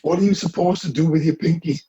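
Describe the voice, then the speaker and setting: A man co-hosting a podcast, quick and mocking, with swearing in casual banter. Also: a little high, steady tone, dark tone, slightly rough, highs cut off. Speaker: podcast co-host asking quiz questions.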